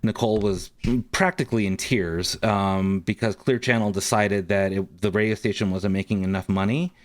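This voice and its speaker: A man's voice: on the low side, steady tone, normal speed. A man guest on a podcast, telling a story casually with many ums and likes. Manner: rambling, frequent ums and likes.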